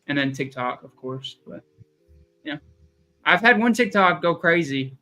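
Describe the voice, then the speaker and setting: A man's voice: on the high side, lively intonation, measured pace, sharp tone. A young man with a Southern accent, chatting casually and joking about himself as a podcast co-host. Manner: rambling, self-deprecating, joking. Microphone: streaming call mic.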